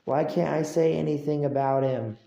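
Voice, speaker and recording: A whiny, frustrated grown man, as a streamer puts him on, pitched up and loud, with a gravelly edge. He fires off rising complaints one after another, heard in a roomy, echoey space. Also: fairly even intonation, normal speed. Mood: whining.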